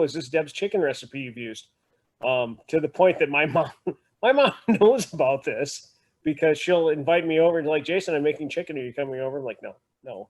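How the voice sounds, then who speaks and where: Chatty man telling family stories. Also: fairly high pitch. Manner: chatty storyteller, laughs often. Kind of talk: casual group video chat.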